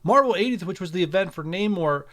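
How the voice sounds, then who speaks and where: A man's voice: high-pitched, animated, quick pace, fairly bright tone. A man talking casually to his viewers as a mobile game video creator, chatty and speculative, walking through game updates over screen capture.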